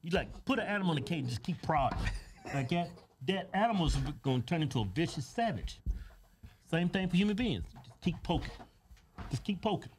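A man's voice: a little high, very animated, brisk, a little hiss or hum. A man co-hosting a casual talk show, giving blunt, profane opinions and cutting in on his partner. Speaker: co-host. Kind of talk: casual commentary.

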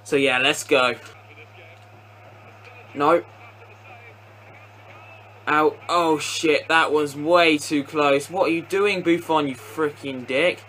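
A young man giving excitable, sweary live commentary on a football video game, shouting at goals. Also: a little high, slow pace, long pauses. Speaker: gaming commentator.

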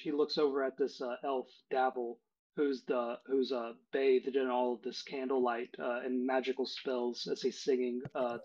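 A man running a tabletop game, talking casually and relaxed with frequent fillers. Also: medium pitch. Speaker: game master. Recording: dull lo-fi recording.

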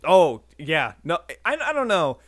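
A man with a somewhat high, slightly bright voice is very animated yet unhurried, in a studio-quality recording without echo. As a podcast co-host, he narrates history from scripted notes blended with casual chat, joking along the way and now and then slipping up.

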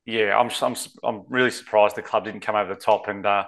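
A man's voice: fairly low pitch, steady tone, fairly quick, fairly bright tone. An Australian man co-hosting a sports betting podcast, talking casually and rambling, saying mate a lot. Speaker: co-host.

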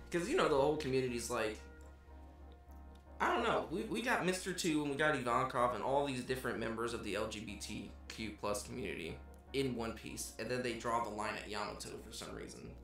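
An excitable man talks through a manga chapter on a podcast. He swears casually and acts out the characters' lines. The room around him is echoey. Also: mid-range voice, brisk, faint music behind. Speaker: podcast co-host.

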